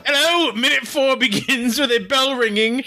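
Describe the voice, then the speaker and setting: A man's voice: fairly high pitch, slow, music in the background. A man putting on a British accent as a cheery character named Neil, greeting in a sing-song way. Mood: giggly.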